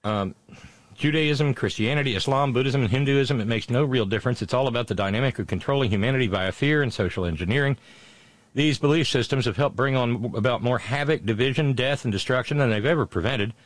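A man's voice: medium pitch, fairly quick, dry recording. A male talk show host reading out listener messages and commenting on them in a conversational way, with many filler sounds and blunt, sardonic remarks.

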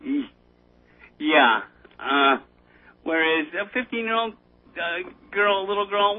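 A man with a slightly high voice talks through a political gripe in a rambling, halting way, stumbling over his words and laughing nervously. His voice comes through thin and tinny, like a phone line. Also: animated. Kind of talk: casual political chat.

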